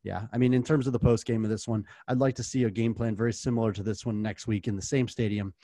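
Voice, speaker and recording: A man's voice: fairly low pitch, steady tone, fast, mellow, no room sound. American male co-host, dry close sound, easygoing sports banter. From United States. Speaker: podcast co-host. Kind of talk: casual sports podcast chat.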